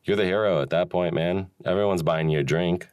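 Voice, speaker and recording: A man's voice: sits low, brisk, darkish tone, smooth, no echo, studio quality. A man hosting a solo talk, rambling and musing with frequent chuckles and restarts. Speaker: podcast host. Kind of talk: solo reflective monologue.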